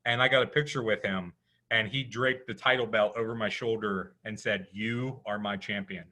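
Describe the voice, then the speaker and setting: A man's voice: lowish voice, fairly even intonation, moderate pace, bright, forceful tone. A man, co-hosting a podcast and telling rambling casual stories full of restarts. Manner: rambling, with many restarts and "you know". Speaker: podcast co-host. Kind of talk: casual storytelling chat.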